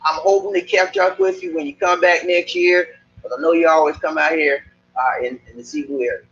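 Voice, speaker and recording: His voice is on the high side, steady, brisk and a bit bright, though the audio is dull. He's a Charleston, South Carolina man with a Gullah Geechee accent, hosting a casual stream in the Cebu area of the Philippines, chatting directly to viewers and repeating himself.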